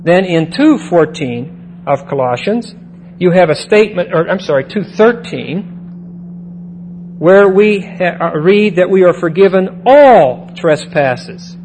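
Animated yet darkish in tone, a fairly high-voiced man gives a sermon-style Bible lesson at a measured pace. He restates his main points and often stops to ask "okay?" The recording is rough, with a faint hum underneath.

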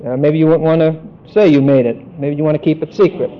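A man teaching a Bible study lecture, deliberate and emphatic, spelling out Greek words. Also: on the high side, steady tone. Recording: dull lo-fi recording.

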